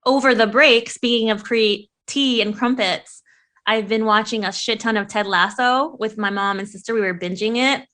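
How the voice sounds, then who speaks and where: A young woman co-hosting a podcast in casual chat, playful and quick to laugh, swearing freely. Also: a little high, fairly bright tone. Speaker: podcast co-host.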